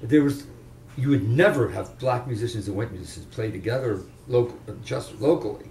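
A man's voice: mid-range voice, a little fast, a little mellow, slight background noise. Brief: older man, veteran guitarist, chatty storyteller with restarts, faint room ambience behind him. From Chester, Pennsylvania area. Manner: rambling, anecdotal, with restarts. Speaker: veteran rock guitarist interviewee. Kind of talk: casual storytelling interview. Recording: roomy room, distant mic, faint ambience.

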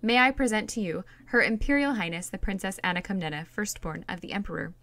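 A woman's voice: mid-range voice, quick pace, a bit bright, dry recording, close to an everyday voice. A woman reading aloud as a formal, dutiful male palace librarian in a storybook.

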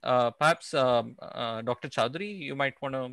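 A man's voice: mid-range voice, normal speed, a bit bright, dry recording. A man moderating a panel discussion, reading out audience questions with frequent fillers.

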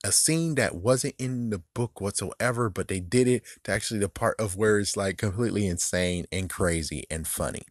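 Man, casual recap commentary, rambling, lowish voice, dry close sound, chuckles a lot. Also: normal speed, hardly any pauses, no room sound. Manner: rambling, animated, laughs often, mimics characters in raised voice. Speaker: video commentator.

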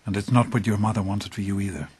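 An actor playing a calm, earnest middle-aged father who speaks softly and fatherly. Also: fairly low pitch, fast talker, breathy edge. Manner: earnest, fatherly, soft-spoken.

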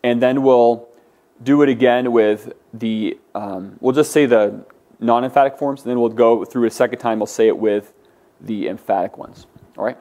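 The man teaching Greek has a warm, mid-range voice and a moderate pace. His classroom lecture involves patient explanations of forms and drills where students say words aloud.

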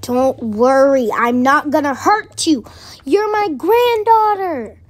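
A woman's voice: sits high, lively intonation, takes it slowly. A girl putting on a bossy male kidnapper. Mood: coaxing. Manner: bossy, curt orders. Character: male kidnapper posing as grandfather.

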